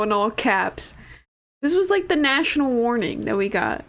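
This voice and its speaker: A woman's voice: fairly high pitch, sing-song, moderate pace. A young adult woman streamer chatting casually while playing a game, laughing easily and swearing. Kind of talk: casual gameplay chat.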